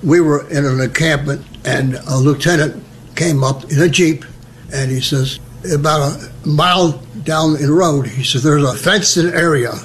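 An older man from New Jersey, telling his wartime memories as a lively storyteller who acts out the voices. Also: a little high, measured pace, a little hiss or hum. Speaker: veteran recounting memories. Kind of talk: oral history storytelling.

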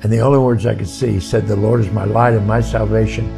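A man's voice: on the low side, little pitch movement, fast, creaky, music in the background. An older man telling his personal testimony in a folksy, plainspoken way.

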